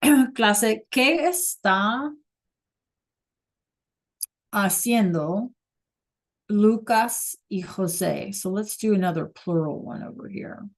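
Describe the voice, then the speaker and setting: Slow, patient teacher woman. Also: medium pitch, lively intonation. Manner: patient, checks in often with "right?" and "okay?". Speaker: Spanish teacher. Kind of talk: online class teaching. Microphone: video call.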